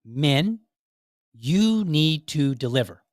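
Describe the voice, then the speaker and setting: A man's voice: fairly high pitch, sing-song, slow, dry recording, studio quality. A middle-aged man hosting his own podcast, rambling in a chatty way with many restarts. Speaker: podcast host. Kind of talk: casual solo podcast commentary.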